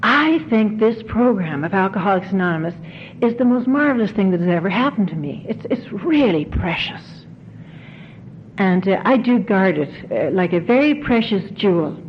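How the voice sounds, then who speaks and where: A woman's voice: mid-range voice, animated, moderate pace. Emotional woman doing a recovery talk, repeats herself for emphasis, old tape with a bit of hiss. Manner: earnest, repeats phrases for emphasis. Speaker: recovery convention speaker. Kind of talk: heartfelt recovery talk to an audience. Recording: dull 1990s tape, faint hiss.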